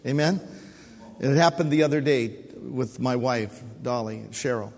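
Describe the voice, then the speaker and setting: A middle-aged man preaching a sermon as pastor, with a husky voice, repeating key phrases and calling for amens from the congregation. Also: medium pitch, moderate pace, a little mellow. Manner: preaching with repetition and call-and-response. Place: church sanctuary. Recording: long hall reverb.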